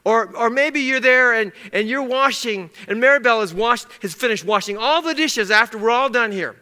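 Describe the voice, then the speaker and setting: A man preaching in an easy, conversational way, often checking in with his listeners. His voice sits high for a man and sounds very bright and forceful. He slips into quick little acted-out exchanges to make his point. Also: animated, smooth. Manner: conversational, asks the congregation to circle words, acts out little scenes. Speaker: pastor. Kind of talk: sermon.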